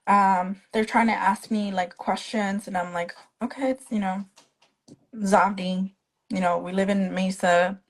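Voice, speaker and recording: A young woman talks into her phone on a live stream in a medium-pitched voice. She tells her story casually and keeps acting out what the other people said. Her delivery is chatty and full of quoted dialogue. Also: measured pace, low-quality recording. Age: young adult. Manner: animated retelling that acts out the other people's quoted lines. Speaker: guest, stroke survivor. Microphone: phone on a live video stream.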